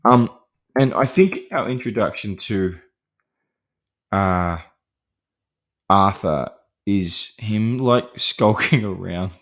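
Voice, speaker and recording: A man's voice: lowish voice, animated, takes it slowly, pauses often, a bit bright. A man hosting a podcast, talking through a film in a casual, rambling way with many fillers and restarts, laughing lightly between points. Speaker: podcast host discussing horror films.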